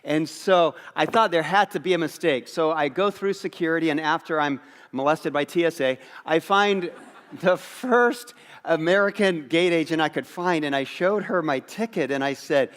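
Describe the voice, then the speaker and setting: A man's voice: on the high side, normal speed, a bit bright, clear, resonant tone. Man preaching with hall reverb. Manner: humorous storytelling, self-mocking. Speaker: pastor. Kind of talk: sermon. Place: church auditorium.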